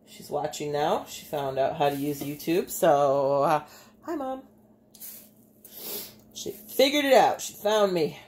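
A woman's voice: deep voice, expressive, takes it slowly, long pauses, darkish tone. A woman with a Bay City, Michigan accent, an artist and teacher chatting casually as she demonstrates a craft in her home kitchen, thinking aloud as she works.

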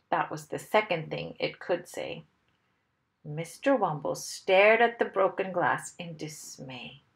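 A woman reading a children's story aloud in an expressive, animated storytelling manner. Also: lowish voice, creaky.

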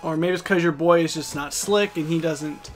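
A young man hosting a let's play, talking casually and swearing loudly at the game. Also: a little high, faint music behind. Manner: loud, profane, quick frustrated outbursts. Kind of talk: casual gameplay commentary.

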